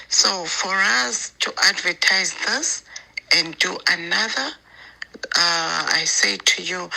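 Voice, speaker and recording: A woman recounts a past argument in a slow, halting way, restarting her sentences. Her voice is gravelly with a lot of fry and very bright on top. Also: fairly low pitch.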